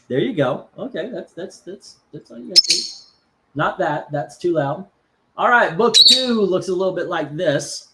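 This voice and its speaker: A man's voice: fairly high pitch, expressive, measured pace, heavy background noise. A man from Florida hosting a casual live stream, rambling with lots of fillers and restarts while reading out chat. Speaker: host.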